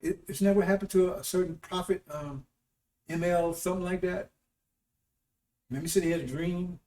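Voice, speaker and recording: His voice is high-pitched, brisk, and mellow as he preaches casually on his own broadcast, drifting from point to point. Tag questions such as "See?" and "Right?" come up again and again. The capture is distant and echoey, as if in a large room.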